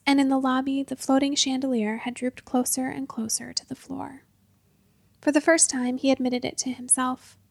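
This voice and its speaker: A woman narrating a storybook in a lively, expressive way. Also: high-pitched, vocal fry, no room sound.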